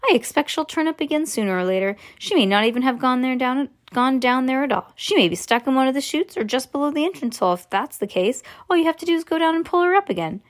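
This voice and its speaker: Brief: woman reading as a cool, soft-spoken eccentric male factory owner, storybook. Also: high voice, expressive, quick pace, hardly any pauses. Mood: calm.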